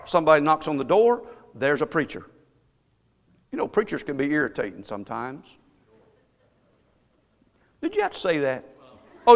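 A male pastor preaching a sermon, telling a story and swinging from hushed asides to shouted emphasis. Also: fairly high pitch. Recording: long echo of a large hall.

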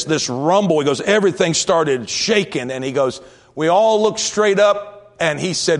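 A male pastor preaching a sermon, swinging from raised emphasis to hushed, slow storytelling. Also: high-pitched.

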